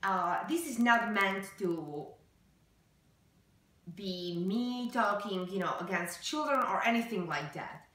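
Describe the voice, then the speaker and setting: A woman speaks to her viewers in a personal vlog, earnest and emotional, halting on fillers and restarts. Her voice is bright and forceful. She sits away from the mic in a very echoey room. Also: medium pitch, lively intonation, recorded from a distance. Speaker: vlogger. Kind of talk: personal vlog talk to camera.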